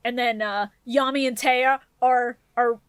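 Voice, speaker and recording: A woman with a high voice chats on a podcast and tells an anime plot with swearing and jokes. The sound is close and dry, with no room around her. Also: a little slow, clean tone, dry recording. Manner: profane, joking, animated storytelling. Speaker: podcast co-host. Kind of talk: casual chat recapping an anime.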